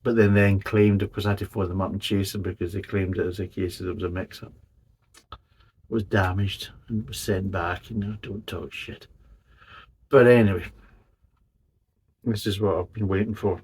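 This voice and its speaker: A man's voice: low-pitched, fairly even intonation, normal speed, long pauses, darkish tone, breathy edge. A man, hosting a casual beer review and talking bluntly, swearing and rambling as he goes.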